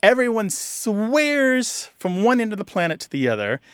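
A man co-hosting a radio show on language, explaining word origins to a caller in a chatty way with quick asides. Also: high voice, sing-song, fairly bright tone, smooth, no echo, clean studio sound.

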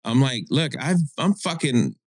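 A man's voice: medium pitch, big pitch swings, a little slow, dry recording. Blunt, profane man in his thirties. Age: 30s. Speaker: guest, tattoo shop counter worker. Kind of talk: casual chat.

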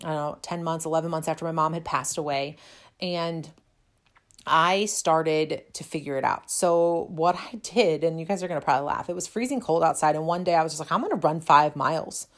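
A woman's voice: deep voice, a little fast. A woman who teaches fitness, telling a personal story in a chatty, self-deprecating way with many fillers. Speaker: fitness instructor. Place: lives in a cold, snowy city.

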